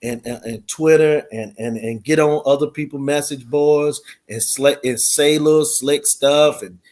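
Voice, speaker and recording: A man's voice: fairly high pitch, fairly even intonation, a little slow, a little mellow. A middle-aged man talking earnestly in a casual discussion, often adding "man" and "you know". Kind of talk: casual talk show discussion.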